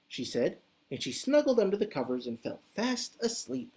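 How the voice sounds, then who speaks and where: A woman reading a children's story aloud as an expressive, animated storyteller. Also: mid-range voice, normal speed.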